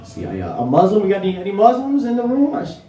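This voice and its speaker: A man's voice: high voice, wildly swooping pitch, racing, background noise. A young man from New City, doing a conversational stand-up set in a small comedy club, tagging lines with "you know?" and acting out quoted voices. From New York City. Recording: roomy club audio from a distance with audience laughter.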